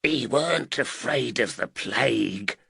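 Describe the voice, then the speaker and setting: A man's voice: medium pitch, expressive, unhurried, vocal fry, sharp tone, husky, no room sound, clean studio sound, exaggerated voice. A man doing a sly labourer.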